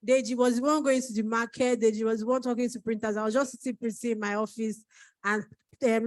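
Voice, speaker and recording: A woman's voice: a little high, no echo, low-quality recording. A woman from Nigeria, an author giving an emotional thank-you speech at her book launch, fighting back tears. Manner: tearful, holding back crying.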